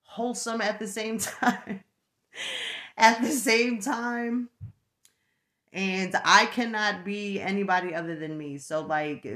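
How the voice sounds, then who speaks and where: A middle-aged mother who vlogs talks frankly to camera about her life in a New York accent, often tagging lines with "right?" and laughing between thoughts. Her voice is fairly low and a bit bright, and the talk is casual and reflective.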